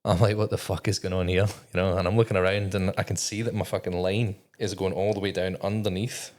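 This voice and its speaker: A low-pitched man tells a candid story as a podcast guest. He swears nearly every sentence and acts out what he thought at the time. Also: level tone, quick pace, a little mellow. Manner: profane, swears constantly, quotes his own thoughts. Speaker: podcast guest, former navy technician.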